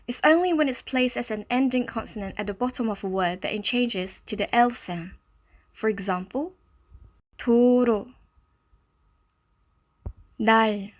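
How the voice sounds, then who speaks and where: A woman narrating a scripted language lesson, explaining step by step in a slow, clear way. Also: fairly high pitch. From Malaysia. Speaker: language teacher.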